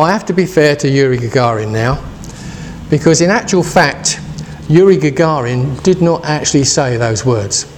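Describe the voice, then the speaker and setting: Older guy giving a chatty sermon, quizzes the crowd, slightly high voice, bit of hum behind. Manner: chatty, asks the congregation questions. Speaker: preacher.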